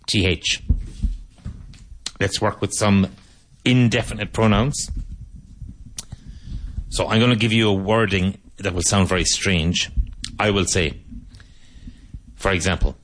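Low-voiced male teacher, slow repetitive vocabulary drills. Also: fairly bright tone. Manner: slow, repetitive, each word said twice. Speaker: English teacher. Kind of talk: language lesson with drills.

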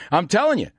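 A man with a New York accent hosting a casual studio chat, animated and laughing often. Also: high-pitched, no echo. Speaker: host. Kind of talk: casual chat with live audience.

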